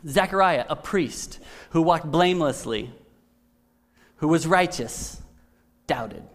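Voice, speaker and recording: A man's voice: on the high side, expressive, slow pace, fairly bright tone. A male pastor preaching a sermon in a conversational way, often checking in with "right?".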